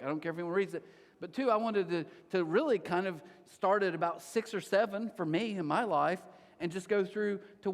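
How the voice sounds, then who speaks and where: A middle-aged man preaching a sermon, telling stories from his own life in an animated way with sudden jumps in pitch. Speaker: pastor. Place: large church hall. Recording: long hall reverb.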